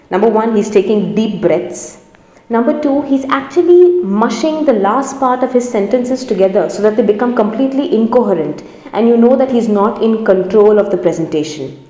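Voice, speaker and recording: Woman instructor, mellow tone, lecture delivery in a reverberant hall. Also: a little high. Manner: explanatory, emphatic teaching. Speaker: presentation skills instructor. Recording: roomy hall with long reverb.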